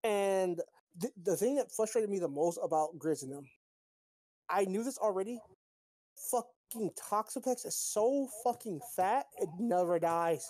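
A woman hosting a casual recap of competitive game battles, excitable, profane and teasing. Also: on the low side, no room sound. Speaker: league recap host. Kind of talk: casual gaming recap chat.

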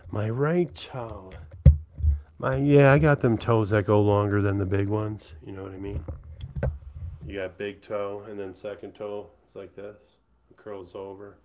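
A man streaming live who rambles, says he's high and mumbles, often trailing off into whispers. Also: steady tone, normal speed, a little mellow, a little hiss or hum. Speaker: livestreamer. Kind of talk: casual livestream chat. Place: indoors, hot room.

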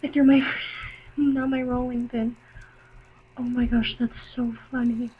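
Excitable high-voiced young woman gamer. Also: measured pace, muffled recording, a little hiss or hum. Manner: excitable, laughing, often screaming. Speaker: gaming video host. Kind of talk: game commentary. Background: music.

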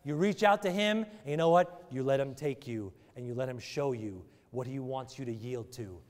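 A man's voice: mid-range voice, moderate pace. A man preaching a sermon and leading an altar call in a church, driving his points with emphatic, repeated rhetorical questions. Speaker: pastor. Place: church sanctuary. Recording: long church hall reverb.

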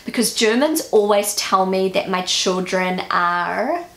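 A New Zealand woman talks casually to her vlog audience, her New Zealand English accent edged with a gravelly fry. She muses aloud and picks apart her own attempts, and the room around her rings with noticeable echo. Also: mid-range voice, expressive, slow pace, fairly bright tone, a little hiss or hum. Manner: self-critical, musing aloud, repeats words to practise. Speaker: vlogger. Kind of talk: casual vlog, pronunciation practice.

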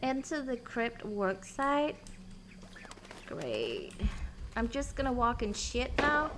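A woman's voice: on the high side, very animated, takes it slowly, fairly bright tone, slight background noise. A woman streaming a video game live, commenting jokily and slipping into nervous whispers. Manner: jittery, joking, drops into fake-scared whispers.

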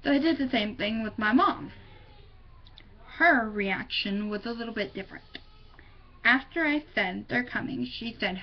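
A woman's voice: a little high, lively intonation, moderate pace. Teen girl vlogger, rambling and distracted, recorded on a muffled built-in mic. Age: teens. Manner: scattered, distracted, giggly. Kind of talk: casual rambling vlog. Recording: dull lo-fi webcam audio with faint noise.

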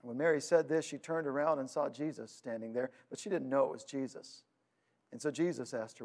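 A man preaching a sermon, retelling scripture with dramatic swings between loud urgency and hushed quiet. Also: a little high, fairly quick. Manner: storytelling, paraphrasing scripture. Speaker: pastor.

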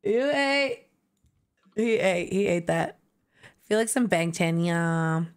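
A young woman streaming, chatting casually and playfully while running a party game with friends, loud and excitable. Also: fairly low pitch, slow, smooth.

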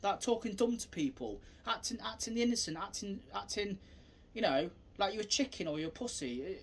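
Rambling, animated self-defence man. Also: high-pitched, a little fast. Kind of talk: casual demonstration to camera.

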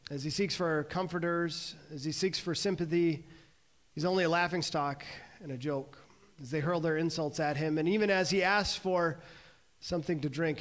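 A male pastor giving a sermon, earnest and measured, slowing and pausing on key words. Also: a little high. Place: church sanctuary.

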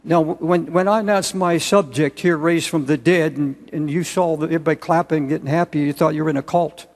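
An older man preaching a sermon as pastor, earnest and halting, with repeated restarts and bursts of loud emphasis. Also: fairly high pitch, steady tone. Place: large church auditorium. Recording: long hall reverb.

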